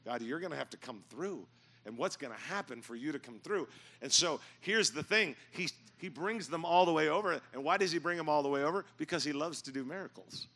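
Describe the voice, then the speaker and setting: A middle-aged man preaching a sermon in a church, telling stories and building to loud, emphatic points. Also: on the high side, expressive, a little fast. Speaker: pastor. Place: church sanctuary.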